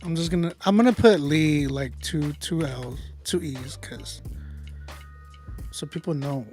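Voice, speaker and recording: A man hosting a casual livestream, chatting with viewers in slang and often trailing off into quiet mumbles. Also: a little high, a little slow, faint music behind. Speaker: livestream host running a song battle.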